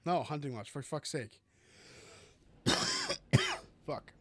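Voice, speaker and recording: A man's voice: mid-range voice, slow, dry recording. A young man playing a video game, reading dialogue choices aloud and joking with a lot of swearing. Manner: profane, joking. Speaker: gamer streamer. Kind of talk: casual gameplay commentary, reading dialogue aloud.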